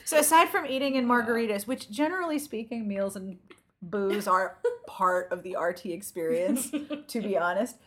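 A woman's voice: medium pitch, normal speed, a bit bright, a little hiss or hum. A woman hosting a podcast, interviewing and chatting with enthusiasm. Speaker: podcast host. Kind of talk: casual podcast chat.

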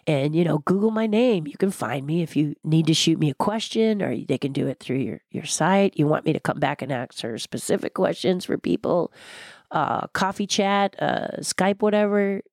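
A woman giving an interview, telling inspirational stories in an animated way and repeating words for emphasis. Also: sits low, moderate pace, no room sound, clean studio sound. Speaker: interview guest. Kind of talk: animated motivational storytelling.

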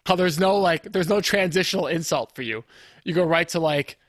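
A man hosting a casual podcast chat, easygoing and agreeable, often pausing to find his words. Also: fairly high pitch, a bit bright, no room sound, studio quality. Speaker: podcast host.

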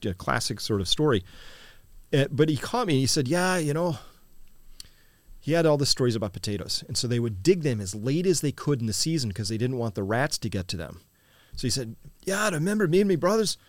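A man hosting a live chat, telling rambling farm stories with quick asides. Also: medium pitch, no room sound. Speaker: host. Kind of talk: casual livestream chat.

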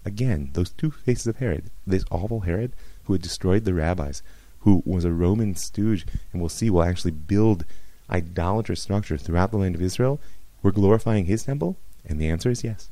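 A man's voice: deep voice, animated, fairly quick, mellow, no echo, rough recording. A man teaching Jewish history as a rabbi, telling it as a story with wry asides, on a close mic. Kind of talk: recorded history lecture.

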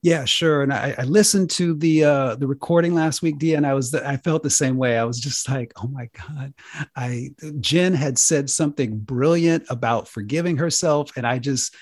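A man hosting a talk show, speaking earnestly and with drawn-out emphasis. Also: mid-range voice, no echo, studio quality. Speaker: host.

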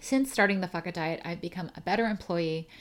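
A woman's voice: lowish voice, fairly quick. A young adult woman hosting a podcast, reading a listener email aloud and chatting in a rambling, emotional way, laughing through tears. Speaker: podcast host.

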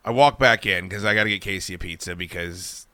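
A man hosts a podcast and tells a long, rambling story full of swearing and comic asides. His voice is bright and forward. The sound is dry, with no room echo around it. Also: low-pitched, fairly quick, clear, resonant tone. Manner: rambling, profane, animated anecdote-telling. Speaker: podcast host. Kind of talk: comedic storytelling.

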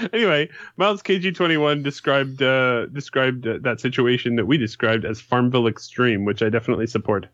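A man's voice: medium pitch, normal speed, fairly bright tone, no room sound. A man on a casual podcast, explaining game details in a matter-of-fact way. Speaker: podcast co-host. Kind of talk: casual group chat. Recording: dull, dry home mic.

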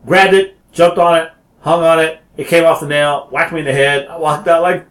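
A man telling childhood stories in casual chat, animated and laughing often as he acts out quotes. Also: a little high, fast talker. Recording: roomy echo.

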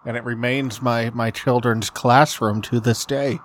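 A man's voice: mid-range voice, fairly even intonation, a little slow, slight background noise. A man co-hosting a podcast, chatting casually and joking at his own expense, often laughing as he talks. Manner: self-deprecating, laughing. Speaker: podcast co-host. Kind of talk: casual chat.

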